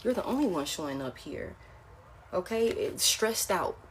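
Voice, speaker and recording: A woman's voice: fairly low pitch, lively intonation, moderate pace, a little hiss or hum. A woman giving a casual, frank tarot reading who keeps repeating her key phrases. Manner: repeats phrases, frank and blunt, addresses listener as baby. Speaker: tarot reader.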